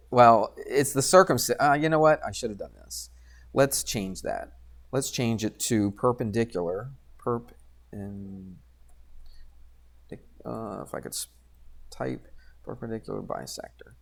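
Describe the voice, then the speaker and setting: A man teaching a geometry lesson to his class in a chatty, self-deprecating way, often asking the students questions. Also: medium pitch. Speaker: math teacher. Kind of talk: classroom lecture at a computer.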